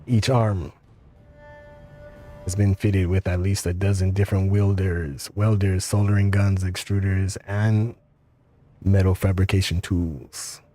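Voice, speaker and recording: A man streaming a game, reading its text aloud in a steady, even way. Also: deep voice, measured pace, soft background music.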